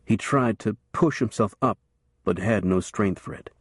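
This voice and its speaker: A man narrating a western novel as an audiobook in a steady, measured storytelling voice. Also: fairly low pitch, husky, dry recording, clean studio sound.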